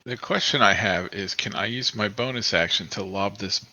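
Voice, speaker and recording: A man's voice: on the low side, normal speed, pushed and bright, dry recording. A man playing a tabletop game, casual and playful, on a dull lo-fi mic. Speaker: player.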